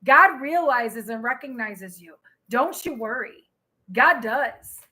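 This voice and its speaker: Woman tarot reader, high bright voice, excitable, talking straight to her viewers on a live stream. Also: slow pace, low-quality recording. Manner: excitable, exclaiming and laughing.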